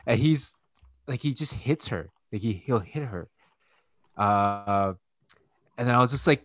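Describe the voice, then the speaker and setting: A man's voice: medium pitch, expressive, normal speed, no echo. A man in his thirties, a podcast co-host and father, telling loose, profane stories full of fillers. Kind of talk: casual chat.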